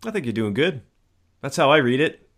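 A man's voice: mid-range voice, big pitch swings, brisk, a bit bright. A man co-hosting a casual literary podcast, talking in a wry, playful way with mock-formal asides. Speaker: podcast co-host. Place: home in Scotland.

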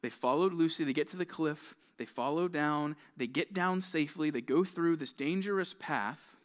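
A young youth pastor preaches to teenagers in a casual, conversational way. He tells stories with lively energy and acts out the characters' lines. His voice sits a little on the high side. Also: moderate pace. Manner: conversational, animated storytelling with quoted voices. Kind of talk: youth sermon.

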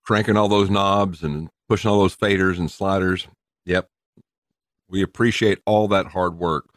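A man's voice: sits low, fairly even intonation, moderate pace, dry recording, studio quality. A man with a Southern US accent co-hosting a podcast in casual, playful chat. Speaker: podcast co-host.

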